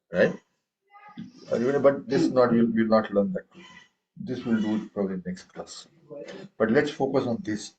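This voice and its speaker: A male teacher leads a tabla lesson at a medium pitch, chanting rhythm syllables aloud. He stops often to quiz his students. The recording is dull and lo-fi. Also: normal speed, pauses often, a little mellow, slight background noise. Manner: recites rhythm syllables aloud and quizzes the class. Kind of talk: classroom lesson.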